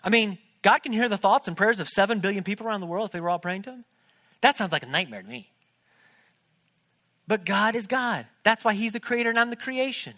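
A man's voice: high voice, lively intonation, a little fast, bright, forceful tone. A man in his thirties, a pastor, preaching a sermon from a church stage in a conversational, joking way, with questions to the congregation.

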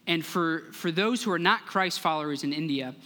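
A young man preaches in a bright, forceful voice, earnest and measured, and acts out the voices in his story. His voice rings with a long reverb from a large church hall. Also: fairly high pitch. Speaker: guest speaker, church relations director. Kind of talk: sermon with storytelling.

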